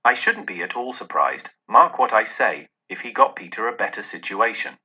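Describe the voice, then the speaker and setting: A soft-hearted, grieving father speaks with tender earnestness, as a man reads him aloud. The voice is very bright and a little husky, swinging lively in pitch. The storybook recording sounds dull and muffled. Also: moderate pace, heavily acted. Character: Bob Cratchit, grieving gentle father.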